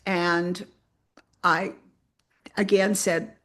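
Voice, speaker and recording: This church missionary has a medium-pitched voice and a measured delivery. Earnest and direct, she calls her listeners "you guys" while telling her personal testimony, bringing it to life with lively quoted dialogue.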